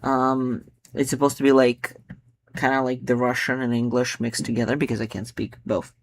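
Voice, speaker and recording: A man chatting loosely about his own poems, rambling with many filler words and often drifting into quiet mutters. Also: mid-range voice, level tone, normal speed, no echo. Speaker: poet.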